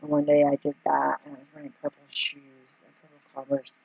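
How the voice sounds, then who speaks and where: A woman's voice: deep voice, monotone, quick pace, gravelly, a little mellow, husky, lo-fi sound. A woman telling a casual, rambling story full of filler words and acting out the lines of the people in it. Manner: acts out quoted dialogue. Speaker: vlogger.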